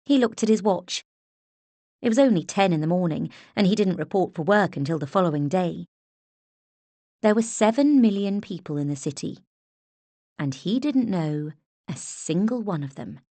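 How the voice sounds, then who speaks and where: Woman audiobook narrator, unhurried and expressive, lower voice, dry close sound. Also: no echo. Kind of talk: scripted narration.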